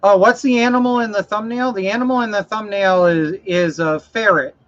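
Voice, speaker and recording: A man's voice: sits high, fairly quick, a bit bright. A man hosting a casual livestream, rambling about trucks and mowers and reading out viewer comments. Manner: rambling, reads viewer comments, self-correcting. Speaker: livestream host. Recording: dull lo-fi stream audio.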